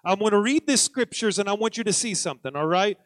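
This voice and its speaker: A man's voice: sits high, lively intonation, fast talker, no room sound. A man preaching a sermon in a church, emphatic and repetitive, building in intensity as he drives his points home. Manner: emphatic, repeating key words and building in intensity. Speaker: pastor. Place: church sanctuary.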